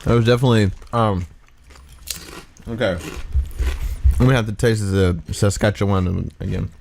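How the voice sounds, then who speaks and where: A man co-hosting a casual snack review, blunt and excitable, swearing freely as he gives opinions. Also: on the low side, normal speed, vocal fry, slight background noise.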